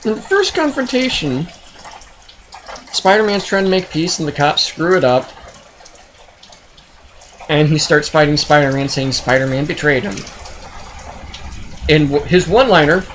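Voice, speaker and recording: A man reviewing a movie in a sarcastic, exasperated rant, often jumping into high, incredulous outbursts. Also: fairly bright tone, a little hiss or hum, rough recording.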